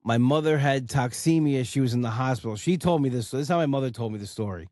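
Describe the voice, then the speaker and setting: A man's voice: medium pitch, fast, darkish tone, no echo. Rambling New man, dry close sound. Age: 40s. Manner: rambling and heartfelt, lots of "you know" fillers. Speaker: podcast host. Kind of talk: casual solo podcast talk.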